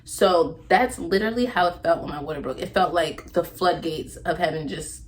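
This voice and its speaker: A woman's voice: lowish voice, normal speed. A young woman vlogger telling a personal story, rambling and correcting herself with lots of fillers.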